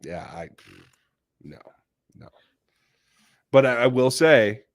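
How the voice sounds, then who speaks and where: A man's voice: medium pitch, big pitch swings, takes it slowly, dry recording. Male sports talk host, opinionated and blunt, dry close sound. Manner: blunt, opinionated, reads viewer questions. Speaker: podcast host. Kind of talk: casual sports chat reading live chat.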